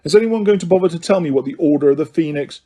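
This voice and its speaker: A man voicing an angry, resentful teenage boy wizard who talks in sharp demands. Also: on the high side, racing, breathy edge, voice pushed up.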